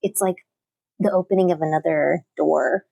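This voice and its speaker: A woman talks through poetry as a teacher would, pausing and restarting as she thinks aloud. Her voice sits a little low and has a gravelly fry to it. The sound is dry and close. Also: steady tone, dark tone, no room sound. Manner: thoughtful, with frequent fillers and restarts. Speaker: literature teacher. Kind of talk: casual interview talk.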